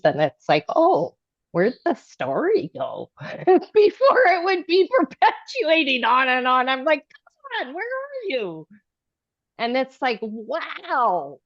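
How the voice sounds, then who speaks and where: Slow-talking woman, muffled dry sound. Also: medium pitch, no echo. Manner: rambling, self-interrupting, swings to loud animated bursts. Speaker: group participant. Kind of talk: casual sharing in an online group.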